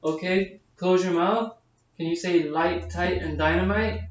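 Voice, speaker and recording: A male nursing student narrates a head-to-toe physical exam, explaining each step aloud with lots of fillers. His voice is high with fairly even intonation and a measured pace, captured as distant, echoey, dull camera audio.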